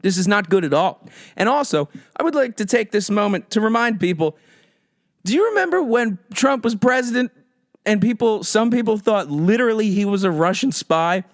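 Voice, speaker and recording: A man hosting a podcast, ranting sarcastically about politics in a profane, animated comedic style. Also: high-pitched, moderate pace, dry recording, clean studio sound. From United States. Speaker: podcast host.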